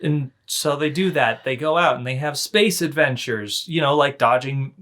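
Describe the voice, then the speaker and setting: A man's voice: mid-range voice, moderate pace, a bit bright. A young man co-hosting a casual movie review chat, joking and briefly mocking characters in silly voices. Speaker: podcast co-host.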